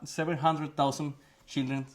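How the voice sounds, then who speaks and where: A man from Venezuela whose first language is Spanish, speaking English with a Venezuelan Spanish accent, halting and searching for words in a casual interview. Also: a little high, flat delivery. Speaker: guest musician.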